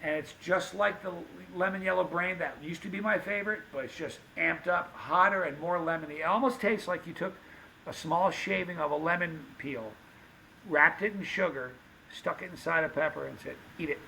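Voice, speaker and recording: A man telling stories on a podcast, animated and acting out the dialogue of the people in them. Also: fairly high pitch, moderate pace, creaky, slight background noise, rough recording. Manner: animated anecdote-teller, acts out quoted dialogue. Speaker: podcast guest, pepper show host. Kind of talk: casual storytelling.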